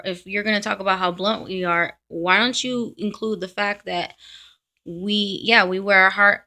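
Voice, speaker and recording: Woman ranting bluntly into her camera, bright and forceful voice. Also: medium pitch. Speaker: vlogger. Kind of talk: casual monologue to camera.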